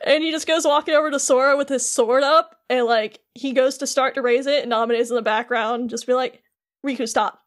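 Woman, high voice, podcast co-host, casual chat, animated retelling, quoting characters. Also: fairly quick, few pauses. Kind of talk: casual chat recapping a game.

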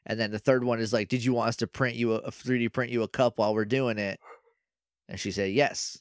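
A man's voice: mid-range voice, steady tone, brisk, no echo. A young man co-hosts a podcast, recapping a show in loose, rambling chat. He slips into silly voices whenever he quotes someone. His voice sits in the middle of the range and sounds close and dry, with no room around it. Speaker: podcast co-host.

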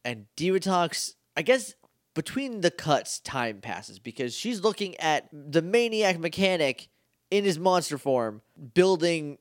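A man's voice: fairly high pitch, big pitch swings, a little slow, no room sound, studio quality. A man co-hosting a podcast, chatting casually and jokily about an episode and acting out the characters' lines. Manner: jokey, acts out characters' lines. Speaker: podcast co-host. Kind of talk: casual chat recapping an episode.

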